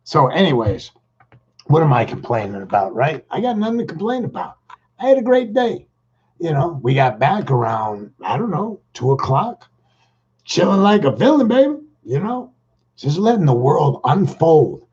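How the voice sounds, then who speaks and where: A man's voice: a little high, big pitch swings, moderate pace, a little mellow, slightly rough. A middle-aged man telling a rambling, jokey everyday story in casual slang. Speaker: vlogger. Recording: dull lo-fi recording.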